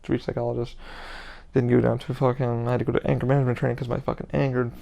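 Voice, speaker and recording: A man's voice: mid-range voice, level tone, very fast, creaky, dark tone. A man hosting a podcast alone, ranting bluntly in an unscripted monologue, swearing constantly and often restarting his sentences. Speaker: podcast host.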